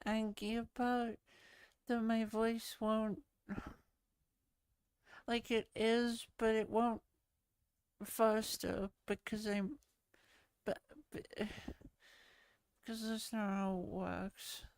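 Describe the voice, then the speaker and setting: Very slow, giggly streamer woman. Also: fairly high pitch, level tone, darkish tone, clean tone, no echo. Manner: giggly, rambling, laughs at herself. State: sleepy. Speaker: VRChat streamer. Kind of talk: casual livestream chat.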